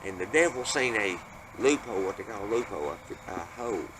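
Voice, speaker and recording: A man telling a family ghost story in a folksy, profane, animated way. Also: lowish voice, a little fast. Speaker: panel storyteller. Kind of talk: casual storytelling. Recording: noisy background hiss.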